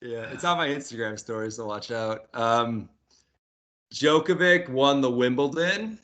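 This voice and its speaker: A man's voice: medium pitch, unhurried, a bit bright. A man hosting a podcast in casual chat, talking loosely with plenty of swearing and laughter. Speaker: podcast host.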